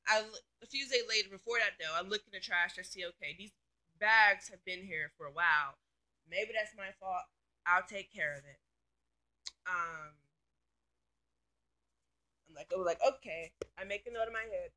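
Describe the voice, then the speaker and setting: Woman vlogger, casual storytime rant; bright, sharp tone, loose and profane delivery. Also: mid-range voice, moderate pace, pauses often. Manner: rambling, filler-heavy, swears freely.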